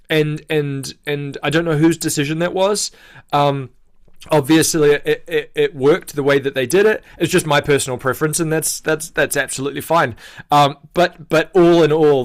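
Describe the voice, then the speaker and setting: A man's voice: a little high, clear, resonant tone. A man with a New Zealand accent, a guest actor chatting casually on a video call, rambling politely and correcting himself as he goes. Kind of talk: casual interview chat.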